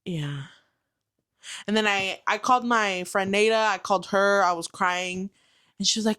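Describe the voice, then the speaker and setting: A woman's voice: medium pitch, normal speed, fairly bright tone, clean tone. A young woman chats casually as a guest and tells her story in a loose, swearing, storytelling way. She often slips into other people's voices for the quotes. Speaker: guest, new mother. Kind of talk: casual chat.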